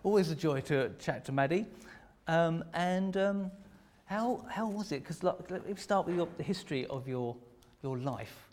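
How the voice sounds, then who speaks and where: Animated, hesitant male Q&A host. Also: a little high, moderate pace. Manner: hesitant, lots of ums and restarts. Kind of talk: casual interview chat.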